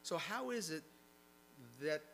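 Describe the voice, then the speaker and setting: A man's voice: a little high, lively intonation, takes it slowly, creaky, fairly bright tone, a little hiss or hum, rough recording. A man preaching a sermon, reading scripture aloud and explaining it in a conversational way. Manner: reads passages aloud then comments conversationally.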